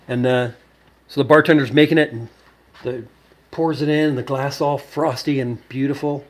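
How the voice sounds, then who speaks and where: A man's voice: mid-range voice, fairly even intonation, unhurried, long pauses. A man hosting a cocktail show, telling a long, rambling story with many fillers and restarts. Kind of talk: casual storytelling to camera.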